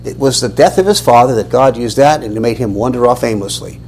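A man's voice: medium pitch, fast talker, slight background noise, rough recording. A man, teaching a Bible lesson as a sermon, questioning and restarting often. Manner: animated, questioning, many restarts.

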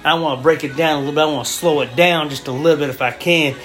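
Earnest woman preaching with soft music. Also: low voice, steady tone. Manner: earnest, repeats phrases, slows down for scripture. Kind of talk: sermon.

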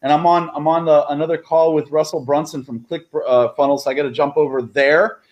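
A man dropping into a video call as a surprise guest, excitable, joking and rambling. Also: a little high, a little fast, highs cut off. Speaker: drop-in guest. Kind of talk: casual video-call chat.

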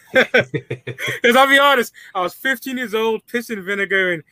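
A man's voice: very high-pitched, measured pace, sharp tone, no room sound. A man co-hosting a podcast in casual chat, enthusiastic and profane, often laughing as he talks. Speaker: podcast co-host.

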